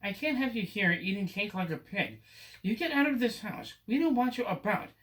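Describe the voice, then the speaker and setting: A man reading aloud and voicing an exasperated young boy who yells at a troublesome cat. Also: high-pitched, sing-song, unhurried, voice pushed up, exaggerated voice. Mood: angry.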